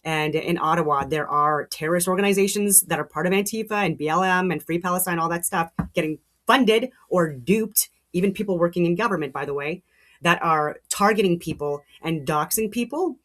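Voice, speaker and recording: A woman's voice: fairly low pitch, fairly quick, fairly bright tone. A middle-aged woman hosting a show, talking in a heated, rambling monologue with frequent restarts and swearing. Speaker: show host. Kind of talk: casual monologue.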